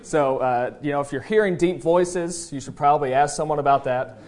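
A man preaching a sermon as pastor in a church service, in a folksy, conversational way with frequent "uh" pauses. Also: a little high, a little mellow. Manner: tells a joke story then presses the point earnestly.

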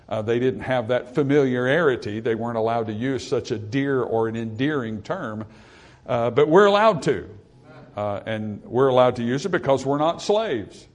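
At medium pitch, a man delivers a sermon, reading scripture and unpacking it in plain, conversational asides with fillers. Certain passages swell through repetition and rising emphasis.

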